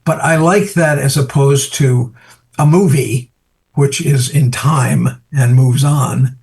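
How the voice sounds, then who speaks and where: Animated older American man telling stories. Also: slow pace, vocal fry. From United States. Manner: animated storyteller, acts out quoted voices with big pitch jumps. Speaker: photographer guest. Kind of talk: reflective interview conversation.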